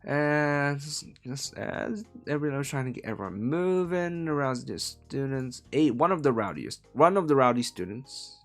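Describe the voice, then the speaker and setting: A man's voice: mid-range voice, animated, moderate pace, few pauses, fairly bright tone, faint music behind. A man from Hong Kong translating a novel live on stream, talking casually and rambling with many fillers and self-corrections.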